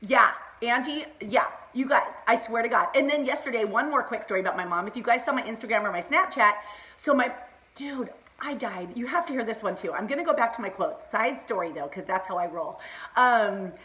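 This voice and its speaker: Expressive and a little fast, her slightly high voice sounds pushed and bright. She's a middle-aged woman rambling cheerfully on a casual Facebook Live stream, frequently laughing and talking to her viewers by name.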